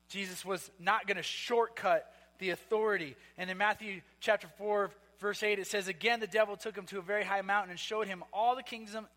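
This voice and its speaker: High, bright-voiced male pastor in a hall. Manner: conversational storytelling with many restarts and fillers. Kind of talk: sermon.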